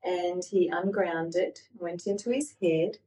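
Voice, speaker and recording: A woman's voice: lowish voice, fairly even intonation, takes it slowly, mellow, far from the mic, poor audio. A woman co-hosting a spiritual podcast, explaining things step by step for listeners. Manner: explanatory, adds points for listeners. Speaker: podcast co-host.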